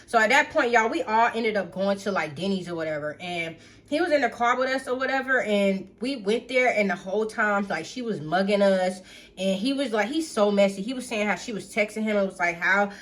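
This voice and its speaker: A woman telling a personal story to her viewers in a casual storytime, chatty and blunt, calling out to them as y'all. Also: medium pitch. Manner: animated, reenacts others in quick asides. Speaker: storytime vlogger.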